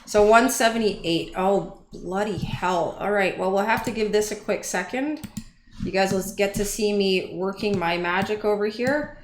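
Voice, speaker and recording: A woman's voice: mid-range voice, measured pace. A woman hosting a casual livestream, chatty and easily flustered as she talks to her chat and counts entries aloud. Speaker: livestream host. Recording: echoey room with faint noise.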